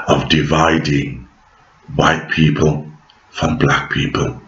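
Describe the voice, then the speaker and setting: A man giving an impassioned monologue to camera, emphatic, rising to shouts and then dropping low and pleading. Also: slow. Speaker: video commentator. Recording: echoey room, dull lo-fi sound.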